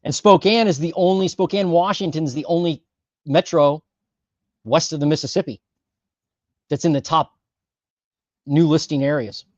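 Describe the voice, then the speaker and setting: A man with a fairly high voice talks through housing market numbers at a normal speed, leaving long pauses and stressing and repeating the key figures. The recording is dry and a little dull, with no echo.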